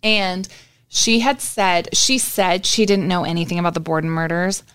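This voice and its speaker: A woman's voice: fairly low pitch, fairly even intonation, normal speed, fairly bright tone, clear, resonant tone. A young woman co-hosting a podcast, telling a story in casual chat with lots of swearing. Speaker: podcast co-host.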